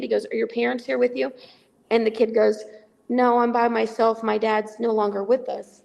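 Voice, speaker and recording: A woman's voice: on the high side, moderate pace, gravelly, big-room sound. A middle-aged woman telling a story in a casual chat as a remote guest, acting out the dialogue. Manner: animated, acts out dialogue in quotes. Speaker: guest, charity volunteer. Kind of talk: casual storytelling on a call-in podcast. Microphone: remote call.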